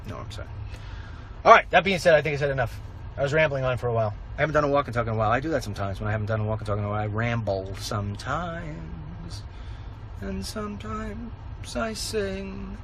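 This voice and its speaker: A middle-aged man, a conservative radio host, rambles through an animated walk-and-talk vlog, telling stories and ranting. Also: mid-range voice, rapid-fire, a little hiss or hum, rough recording. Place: outdoors, walking.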